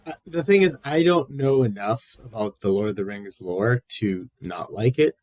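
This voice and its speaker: A man's voice: on the low side, moderate pace, darkish tone, no room sound. A man hosting a podcast in casual chat, talking in a rambling way with lots of fillers. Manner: chatty, rambling, frequent fillers. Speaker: podcast host.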